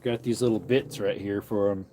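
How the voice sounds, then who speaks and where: A man's voice: lowish voice, steady tone, normal speed, warm tone, a little hiss or hum. A man who preaches, chatting casually on a livestream from an outdoor porch and wandering between topics as he reads comments aloud.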